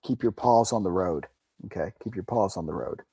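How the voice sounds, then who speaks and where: A man with a low, husky voice co-hosts a relaxed podcast conversation. He rambles, restarts his sentences and jumps in with eager agreement. His voice sounds close and dry, with no room sound around it. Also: normal speed, dry recording. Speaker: podcast co-host. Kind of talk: casual chat.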